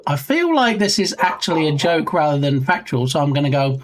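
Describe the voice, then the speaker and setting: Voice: a little fast, slight background noise. A talkative streamer on a desk mic, casually chatting with viewers. The voice rises and drops a lot, and the tone stays playful and jokey throughout. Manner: chatty and joking, reading viewer names aloud; lively swings in pitch. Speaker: livestream host. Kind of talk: casual live-stream chat.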